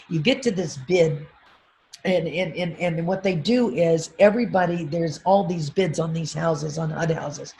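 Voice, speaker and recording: A middle-aged woman with a gravelly edge to her voice tells a personal story on a video call. She talks in an animated way, repeats her affirmations and laughs often, and faint noise sits behind her. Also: lowish voice. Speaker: motivational speaker.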